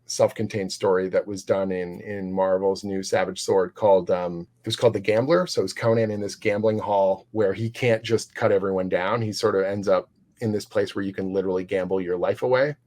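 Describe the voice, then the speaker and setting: Comic writer guy on a chat, kinda low voice, rambles excitedly, lots of um and like. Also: brisk. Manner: rambling, enthusiastic, many fillers and restarts. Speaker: comic book writer, guest. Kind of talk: casual interview storytelling.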